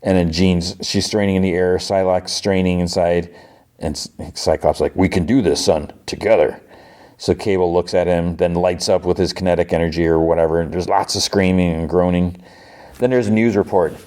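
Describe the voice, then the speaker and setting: A man's voice: low-pitched, level tone, fairly quick, a little mellow, smooth. A man hosting a podcast, casually recapping a TV episode in a chatty, filler-heavy way. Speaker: podcast host.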